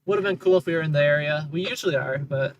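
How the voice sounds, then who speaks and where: A man's voice: a little high, fast, lo-fi sound. Chatty man grumbling through city traffic. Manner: chatty and sarcastic, grumbling at other drivers. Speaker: livestreamer. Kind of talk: casual livestream commentary while driving. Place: inside a car on city streets.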